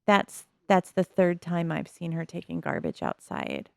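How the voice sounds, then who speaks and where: A woman's voice: fairly low pitch, wildly swooping pitch, a little slow, gravelly, hardly any pauses, no room sound, clean studio sound. Chatty woman narrating her game. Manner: chatty, amused, narrates the characters' thoughts. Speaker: gaming video host. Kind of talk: casual gameplay commentary.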